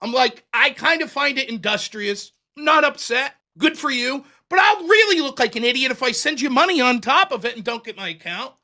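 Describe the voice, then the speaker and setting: Male host, high and very lively voice, self-mocking storyteller who acts out dialogue. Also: moderate pace, hardly any pauses. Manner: animated, acts out both sides of dialogue. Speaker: livestream show host. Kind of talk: casual storytelling.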